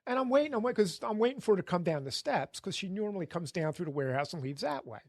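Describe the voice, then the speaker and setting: A man who is a podcast guest telling a long story in a casual way. He is animated, acts out the people in his story and laughs often. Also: sits high, racing, dry recording, studio quality.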